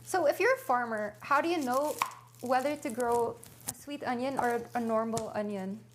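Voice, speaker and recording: A young woman livestreams casually from her home kitchen, chatting and thinking aloud while reading a recipe to viewers. Her voice is fairly high at a moderate pace, with slight background noise.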